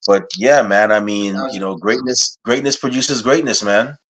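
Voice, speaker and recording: A man's voice: lowish voice, steady tone, normal speed, a bit bright. A man hosting a wrestling podcast, opening with a rhyming hype intro and then chatting casually and telling stories. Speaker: podcast host.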